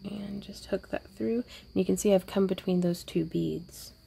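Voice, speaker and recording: A woman hosting a wire-wrapping jewelry tutorial, thinking aloud casually as she works, with playful little sound effects and soft asides. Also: mid-range voice, steady tone, normal speed, creaky, faint music behind. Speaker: jewelry-making tutorial host. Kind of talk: casual crafting tutorial narration.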